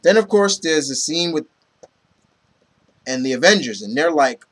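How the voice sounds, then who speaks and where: A man's voice: on the high side, expressive, normal speed, a bit bright. A man casually reviewing comic books, rambling with many fillers and retelling scenes from the issues. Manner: rambling, lots of "you know" and "um"; retells scenes, quoting characters.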